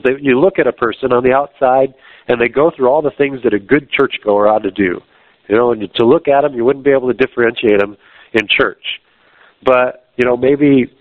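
A man's voice: medium pitch, no room sound. A man preaching a sermon in a conversational, earnest way, often restarting his sentences. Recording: dry, tinny phone-like sound.

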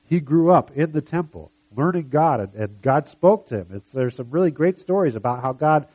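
A man's voice: a little high, lively intonation, dull audio. A man teaching a Bible story in a casual, conversational way, quoting the people in it as he goes. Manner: conversational, retells scenes with quick quoted voices. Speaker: preacher.

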